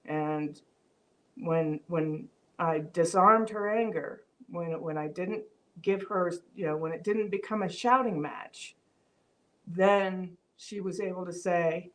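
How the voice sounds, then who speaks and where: A woman's voice: fairly low pitch, slow. A woman hosting a live-stream vlog, talking reflectively with frequent fillers and restarts, reading viewer comments aloud. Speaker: vlog host. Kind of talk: casual live-stream talk.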